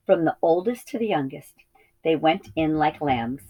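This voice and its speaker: Low voiced lady reading a kids book aloud, steady, fixes little slips as she goes. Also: moderate pace, slightly rough, lo-fi sound. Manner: steady reading with small slips and self-corrections. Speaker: reading teacher. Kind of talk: storybook read-aloud.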